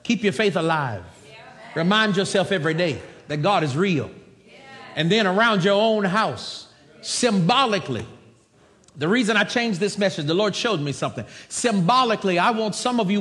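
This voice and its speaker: An American man preaching a sermon with emphatic delivery that breaks into shouts and laughter. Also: sits high, long reverb tail. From United States.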